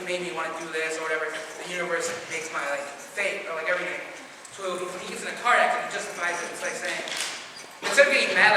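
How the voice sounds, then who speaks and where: Teen boy rambling through stand-up, far off. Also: high-pitched. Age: teens. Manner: rambling, self-deprecating, quick asides. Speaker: stand-up comedian. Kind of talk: stand-up comedy set. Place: school auditorium before a live audience. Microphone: distant room recording. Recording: echoey hall recorded from far off, noisy.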